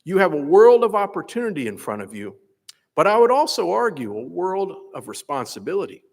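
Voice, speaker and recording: A man delivers an earnest, measured commencement address, his voice fairly high and lively in its rise and fall. The long reverb of a large hall trails each phrase. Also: gravelly. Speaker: faculty senate president. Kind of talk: commencement speech. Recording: echoey hall PA recording.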